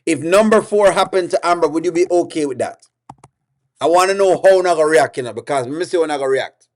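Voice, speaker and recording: Jamaican guy on a livestream, bit high voice, keeps calling viewers friends and repeating himself. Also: quick pace. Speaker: livestream host reading viewer comments. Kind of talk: casual reaction livestream.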